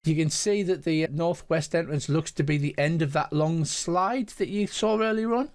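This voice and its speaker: A man's voice: a little high, moderate pace. A man running a tabletop game as game master, describing scenes casually. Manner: casual, descriptive, swears now and then.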